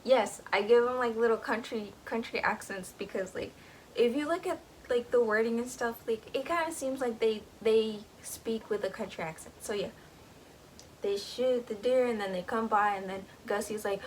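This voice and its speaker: A young woman book vlogger recaps a book at a normal speed, rambling casually and peppering her sentences with "like"s and small giggles. Her voice is middle-pitched for a woman, with faint background noise and low recording quality.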